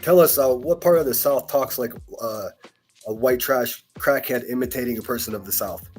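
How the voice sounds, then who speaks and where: A man delivers angry reaction commentary in a scornful, profane rant. His pitch sits in an ordinary middle range. Faint music plays underneath. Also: moderate pace, a little mellow. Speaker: commentary channel host.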